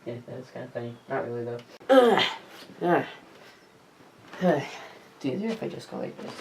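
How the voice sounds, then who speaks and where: A woman's voice: a bass voice, moderate pace, noisy background. A teenage girl vlogging at home, reviewing DVDs in a rambling, chatty way with asides to the camera. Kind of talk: casual vlog review.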